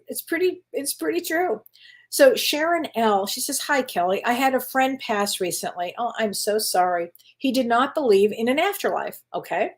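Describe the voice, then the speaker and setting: A middle-aged woman hosting a live psychic Q&A, talking in a chatty, reassuring way with fillers, restarts and frequent laughs. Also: fairly high pitch. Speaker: psychic host answering viewer questions. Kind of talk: live-stream Q&A chat.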